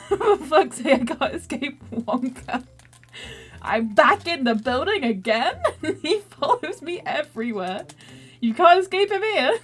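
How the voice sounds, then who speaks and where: Giggly young woman streamer with lively pitch. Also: takes it slowly. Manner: giggly, self-mocking, reads game text aloud. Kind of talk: casual gaming commentary.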